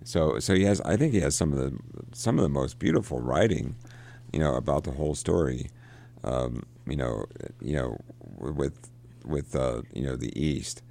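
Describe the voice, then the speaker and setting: Deep gravelly man, casual literary chat, halting delivery. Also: expressive, warm tone. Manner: halting, many restarts and fillers. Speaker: literature discussant. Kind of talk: casual literary discussion with read-aloud passages.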